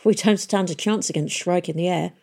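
A woman's voice: fairly low pitch, fairly quick, darkish tone, natural voice. A woman voicing a fierce, blunt young woman in an audiobook, speaking curt and matter-of-fact. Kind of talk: audiobook character voice.

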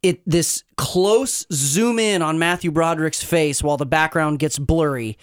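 A man's voice: on the high side, unhurried, clean tone. A man on a podcast, chatting critically with lots of fillers like "you know" and "like". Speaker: podcast co-host. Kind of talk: casual chat.

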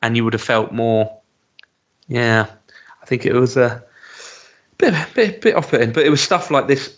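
A man talking casually as co-host of a podcast. He hesitates often with ums and restarts, then grows animated and jokey. His voice sits at an ordinary middle pitch. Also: normal speed, pauses often, lo-fi sound. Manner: chatty, hesitant with many ums, animated when joking. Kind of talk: casual chat reviewing a TV episode.

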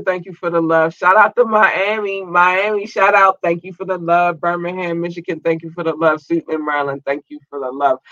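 A man hosting his own show in a loose, slangy, chatty way, rattling through listener shout-outs. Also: sits high, dry recording. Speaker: podcast host. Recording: dull lo-fi dry sound.

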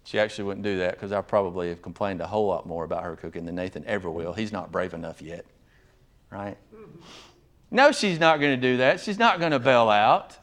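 A man preaching a sermon, animated, often acting out quoted voices of others. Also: fairly low pitch, a little fast. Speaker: pastor.

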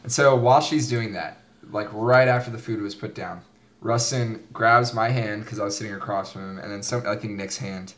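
A man's voice: fairly low pitch, moderate pace, a bit bright. A young man hosting a casual podcast chat, telling stories and laughing often. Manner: laughs often, rambling storyteller. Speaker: podcast host.

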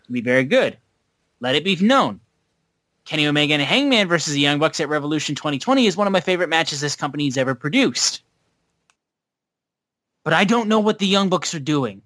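Podcast co-host, male, bright raised voice, dry close mic, profane and animated. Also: medium pitch, dry recording. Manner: animated and profane, recapping and ranting. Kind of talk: casual podcast chat.

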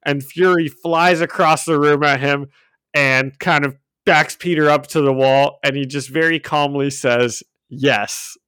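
A man's voice: a little high, fairly even intonation, a little slow, fairly bright tone, clean tone, no echo. A man co-hosting a casual comics podcast from home, chatty and laughing often as he acts out quotes. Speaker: podcast co-host recapping comics. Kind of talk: casual chat. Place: home room with a cat. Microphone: own desk microphone.

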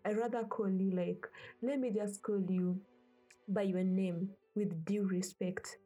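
A woman's voice: medium pitch, steady tone, measured pace, warm tone, slightly rough, faint music behind, poor audio. A young woman from Africa speaking earnestly and passionately about her views, pleading with parents. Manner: impassioned, pleading. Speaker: speaker sharing personal views. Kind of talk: earnest personal talk.

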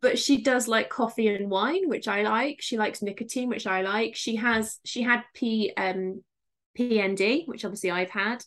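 A young woman from Somerset with a West Country English accent, chatting casually as a guest author, self-mocking and quick to joke. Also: fairly high pitch, a bit bright. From Somerset, England. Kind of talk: casual interview chat.

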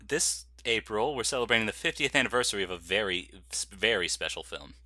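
A man's voice: lowish voice, animated, fast talker, sharp tone, dry recording. A man co-hosting a film podcast, chatty and laughing often, with frequent restarts. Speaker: podcast co-host. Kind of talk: casual film chat.

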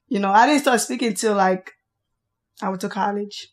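A woman's voice: medium pitch, fairly even intonation. A young woman from Haiti with a Haitian accent, chatting frankly and playfully as a podcast guest. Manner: blunt, frank and playful, quick bursts. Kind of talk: casual chat.

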